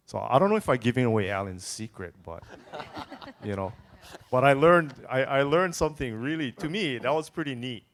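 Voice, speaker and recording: A man's voice: medium pitch, slight background noise. A man telling chatty anecdotes as a panelist at an event. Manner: chatty anecdotes with quoted dialogue. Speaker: panelist, former farm bureau president. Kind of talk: casual storytelling on a panel.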